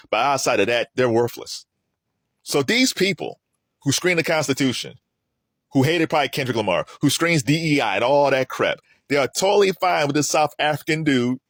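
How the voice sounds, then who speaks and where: A man's voice: mid-range voice, fairly bright tone, dry recording, studio quality. A man giving heated solo political commentary, asking rhetorical questions and mocking his opponents.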